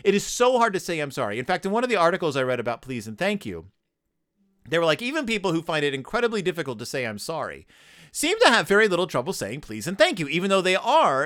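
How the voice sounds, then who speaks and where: Male podcast host, higher-pitched, playful and jokey, crisp clear tone. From United States. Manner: playful, jokey, animated retelling. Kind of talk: casual commentary on a children's book.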